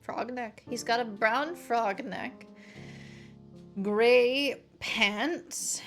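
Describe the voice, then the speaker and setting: A woman's voice: fairly high pitch, very slow, a bit bright, soft background music. A woman streamer chatting casually and playfully while she plays a game.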